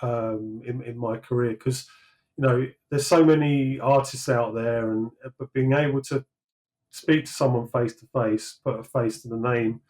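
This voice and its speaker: A man's voice: medium pitch, steady tone, normal speed, darkish tone, low-quality recording. A British man, likely in his thirties, talking through his career in a casual interview, rambling with many fillers and restarts. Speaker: sculptor guest.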